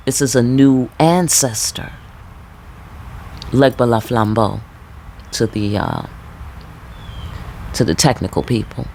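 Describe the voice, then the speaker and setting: A woman's voice: rumbling low, slow pace, vocal fry, pauses often. New york lady doing a chill tarot reading, blunt and cussing, faint hiss in the back. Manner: blunt, profane, laid back, animated asides. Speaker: tarot reader. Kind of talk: casual spiritual talk to viewers.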